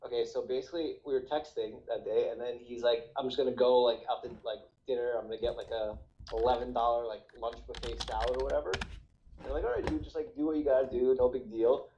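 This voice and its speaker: A young man from New Jersey in relaxed talk, peppering his stories with "dude" and casual swearing. His voice comes through dull and lo-fi, and his pitch sits mid-range for a man. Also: quick pace, a little hiss or hum. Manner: laid-back, says "dude" a lot, tells stories animatedly. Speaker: trader. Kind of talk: casual chat.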